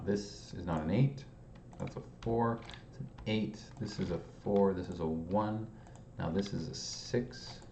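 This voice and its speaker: A man's voice: sits low, warm tone, reverberant, highs cut off, slight background noise. A young Canadian man talking through a puzzle game, muttering numbers to himself and apologizing sheepishly. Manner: mutters digits, apologetic and self-mocking. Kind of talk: casual solving commentary.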